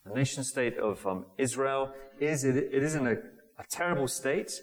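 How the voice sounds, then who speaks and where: A man giving a conversational sermon, often pausing with fillers and restarting sentences. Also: medium pitch. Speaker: preacher. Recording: long hall reverb.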